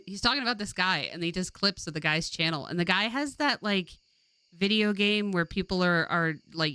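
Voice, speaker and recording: Bright, chatty woman streamer. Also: fairly low pitch, clean tone, dry recording. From California. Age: 40s. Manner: rambling, laughs often, animated. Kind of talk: casual chat while playing a game.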